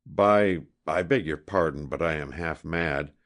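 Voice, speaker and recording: A man's voice: a bass voice, measured pace, fairly bright tone. A man voicing a jealous, volatile young hunter in an audiobook, pleading and then savagely threatening. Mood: desperate. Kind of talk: audiobook character reading.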